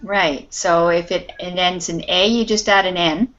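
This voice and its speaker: A woman teacher with a slightly low voice speaks slowly and patiently, encouraging her students one by one. Her voice comes through a muffled, lo-fi video call. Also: fairly even intonation, a bit bright. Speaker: English teacher. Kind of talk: online class teaching.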